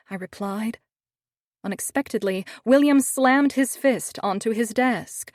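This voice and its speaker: A woman's voice: mid-range voice, normal speed, a little mellow, dry recording. A woman narrating a first-person romance audiobook in a wry, snarky tone, on a studio microphone.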